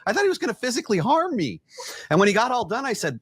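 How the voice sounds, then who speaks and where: A middle-aged man, an executive coach, telling blunt, animated stories in a podcast conversation and acting out the quotes. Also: high voice, quick pace, breathy edge, dry recording.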